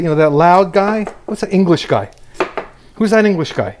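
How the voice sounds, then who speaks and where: A man's voice: fairly high pitch, lively intonation, brisk, a little mellow, a little hiss or hum. A man hosting a comedic cooking demonstration in a kitchen, joking and teasing his viewers as he goes. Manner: wisecracking, teasing asides to viewers. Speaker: cooking show host.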